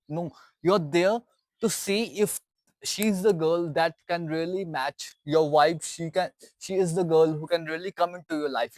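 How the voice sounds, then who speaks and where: A man's voice: sits high, no room sound, poor audio. A man with an Indian English accent giving dating advice to camera, instructive and repeating key points for emphasis. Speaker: dating coach.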